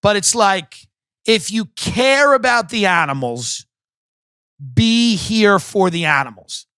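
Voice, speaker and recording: A man with a high, sharp, tense voice rants emphatically through a comedic podcast monologue, swearing freely. The sound is dry and close, with no room around it. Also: expressive, slow, clear, resonant tone, no echo. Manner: profane, emphatic ranting. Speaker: podcast host.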